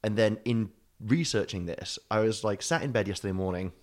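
A man's voice: lowish voice, a little fast, a little mellow. A British man co-hosting a podcast, chatting casually, rambling and self-mocking, swearing freely. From Britain. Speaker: podcast co-host. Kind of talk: casual chat.

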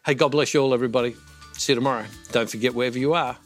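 A man's voice: medium pitch, fairly even intonation, rapid-fire, faint music behind. A middle-aged man hosting a daily devotional reflection. He speaks in an earnest, heartfelt way and repeats words when he is moved. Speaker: Catholic ministry host.

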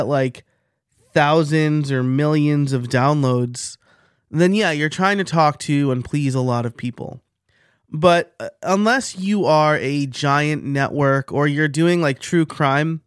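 A man's voice: fairly high pitch, clear, resonant tone, no room sound, clean studio sound. A man in his thirties hosting his own podcast, talking in a casual, conversational way and often restarting his sentences. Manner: conversational, self-correcting. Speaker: podcast host.

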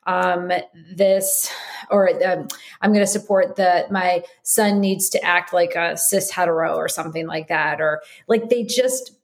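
A woman's voice: lowish voice, fairly even intonation, unhurried. A woman hosting a podcast interview who rambles through her questions, restarting them often and murmuring along while her guest talks. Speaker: podcast host. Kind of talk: casual interview chat.

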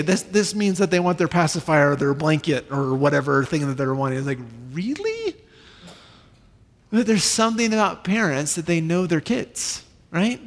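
A man in his thirties preaching a sermon, animated, with sudden high bursts when he acts out children. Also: moderate pace. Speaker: pastor. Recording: long reverb in a large hall.

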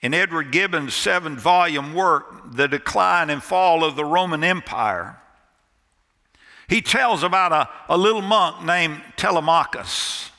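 A male pastor preaches in a church sanctuary, his high, very bright and forceful voice trailing off into a long hall reverb. He delivers the sermon slowly and deliberately, pausing dramatically and dropping nearly to a hush for emphasis. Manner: dramatic storyteller with pauses and emphatic drops to near quiet. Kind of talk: sermon storytelling.

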